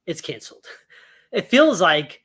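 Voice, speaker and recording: Male co-host, higher-than-average voice, animated and laughing, casual swearing rants on a chat stream. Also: unhurried. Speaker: podcast co-host. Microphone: remote stream mic.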